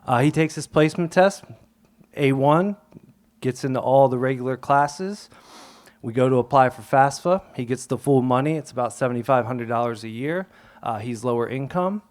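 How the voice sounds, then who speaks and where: A man's voice: mid-range voice, moderate pace. A young adult man telling a personal story on stage, acting out the voices and dropping to whispers at times. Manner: animated, acts out quotes, drops to whispers.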